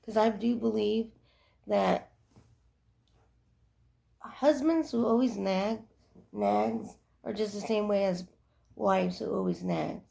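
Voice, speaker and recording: A woman's voice: medium pitch, creaky, a little mellow. A young adult woman giving earnest, rambling life advice in a casual monologue. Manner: earnest, preachy, rambling with restarts.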